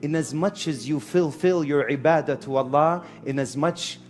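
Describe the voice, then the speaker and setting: A man preaching a lively sermon to a live audience in a hall, telling stories with acted-out voices and mixing in Arabic phrases. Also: a little high, normal speed, soft background music. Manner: animated storyteller, acts out shouting characters; mixes Arabic phrases and Quranic recitation. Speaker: Islamic preacher.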